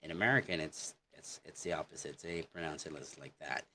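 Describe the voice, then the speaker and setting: A man teaching an online English lesson in a relaxed way, with many fillers and demonstrations of how words are pronounced. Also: sits low, a little fast, a little hiss or hum.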